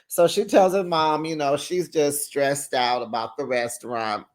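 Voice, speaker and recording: A man's voice: a little high, unhurried, a little mellow. A man hosting a casual reality TV recap, sassy and playful, laughing often and acting out quotes in exaggerated voices.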